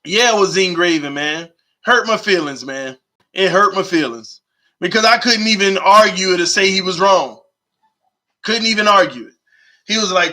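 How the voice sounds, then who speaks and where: High, bright-voiced excited sports streamer. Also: male voice, moderate pace. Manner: animated, slangy, reads chat aloud, urges viewers. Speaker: live stream host. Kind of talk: casual live-stream sports talk.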